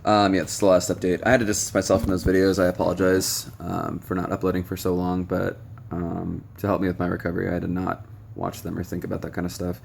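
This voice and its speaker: In a casual monologue to camera, a young man rambles through frank recovery advice, swearing bluntly and saying um a lot. He talks fast and flat in a low voice with vocal fry, barely pausing. The audio carries a little hiss or hum, and the noisy room has stray tapping and beeping.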